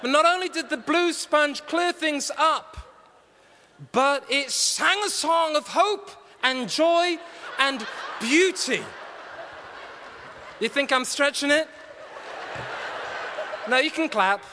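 A man preaching a humorous, story-driven sermon, self-mocking and animated, then earnest and urgent. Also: extremely high pitch, takes it slowly, pauses often, background noise. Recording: long reverb of a large hall.

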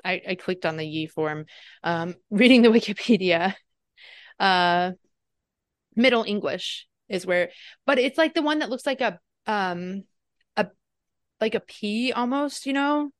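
A woman's voice: mid-range voice, animated, unhurried, long pauses, no room sound, studio quality. A woman co-hosting a podcast, chatty and giggly, rambling through tangents in casual talk. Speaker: podcast co-host.

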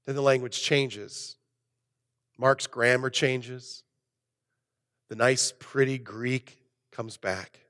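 A man preaching a sermon as pastor, animated, swinging between loud emphasis and soft, low asides. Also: takes it slowly, pauses often, big-room sound.

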